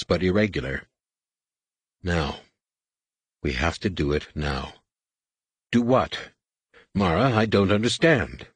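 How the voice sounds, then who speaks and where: A man narrating a novel in a measured, dramatic way. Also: low-pitched, a bit bright, husky, dry recording. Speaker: audiobook narrator. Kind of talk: scripted narration.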